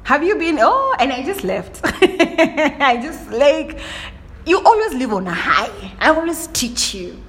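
A young adult woman hosting her own podcast, telling stories in a lively, chatty way and often saying "like" and asking "do you understand?". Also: sits high, takes it slowly. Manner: animated storytelling, frequent "like" and "do you understand?". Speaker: podcast host. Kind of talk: casual solo monologue.

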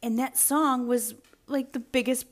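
A woman's voice: sits high, fairly even intonation, measured pace. Chatty woman rambling on a podcast. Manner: chatty, rambling, swears casually. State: out of breath. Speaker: podcast host. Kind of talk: casual solo podcast chat. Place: at home with pets around.

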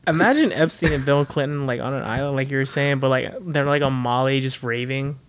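A man in casual podcast chat, quick to agree and laugh. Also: medium pitch, noisy background. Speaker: podcast co-host.

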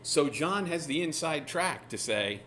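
A man teaching through a Bible passage in a relaxed, conversational way, retelling the scenes with lively asides. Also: on the high side, a little slow, slight background noise. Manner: casual, animated retelling of scripture scenes.

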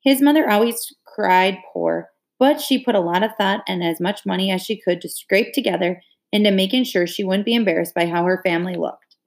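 A woman reading a children's novel aloud, with steady, expressive narration. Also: medium pitch, fairly quick, vocal fry. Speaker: reader.

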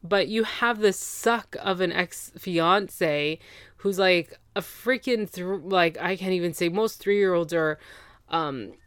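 Female podcast host, lowish voice, dry close sound, chatty and opinionated recapper. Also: slow pace, clear, resonant tone, no echo. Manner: opinionated, exasperated, gossipy, acts out quotes.

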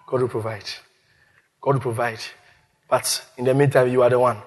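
A man voicing a calm, aged male patriarch who speaks slowly, low and solemnly. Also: in a large hall, lightly acted.

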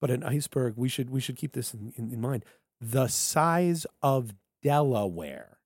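A man co-hosting a podcast in casual political banter, animated and jokey, slipping into funny voices for quotes. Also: mid-range voice, normal speed, breathy edge, dry recording, studio quality. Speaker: podcast co-host.

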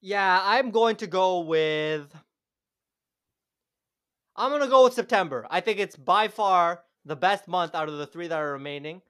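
A young man argues in a heated, sarcastic rant and drops the odd swear. His voice sits high for a man. It is recorded close and dry. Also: a little slow, a bit bright, smooth, no echo. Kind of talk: casual chat.

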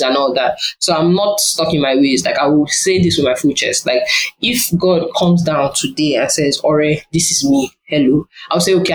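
A Nigerian woman talking as a podcast guest, blunt and animated, swearing freely as she talks. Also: low voice. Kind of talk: casual podcast conversation. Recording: roomy echo, faint ambient noise.

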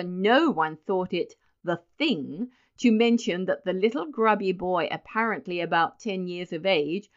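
A woman's voice: mid-range voice, lo-fi sound. Woman reading a storybook aloud. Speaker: audiobook narrator. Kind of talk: scripted storybook narration.

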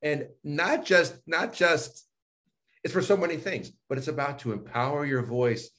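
A man, a voice and speech coach, chatting in an interview with lively, animated phrasing and frequent laughs. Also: fairly high pitch, normal speed. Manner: animated, demonstrates intonation with exaggerated phrasing; laughs often, restarts sentences. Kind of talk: casual interview talk.

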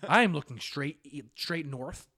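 His pitch is a little high and his pace moderate. The young man, co-hosting a podcast, shares a story in casual talk and brings it alive by acting out the voices of the people in it.

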